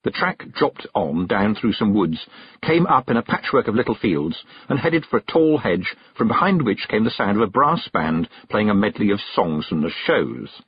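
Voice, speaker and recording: Husky, expressive male storyteller. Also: lowish voice, normal speed. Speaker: audiobook narrator. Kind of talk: scripted narration. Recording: dull, dry close recording.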